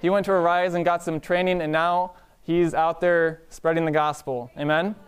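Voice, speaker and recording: A man preaching a sermon in a relaxed storytelling way, often asking the congregation "Amen?". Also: a little high, moderate pace, clear, resonant tone. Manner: conversational, calls out "Amen?" to the congregation.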